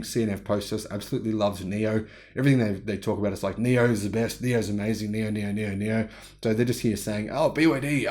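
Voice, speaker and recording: A man's voice: lowish voice, a little mellow. A man hosting his own channel, giving casual, opinionated commentary and thinking aloud as he goes. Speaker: YouTube channel host. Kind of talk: casual commentary on news reports.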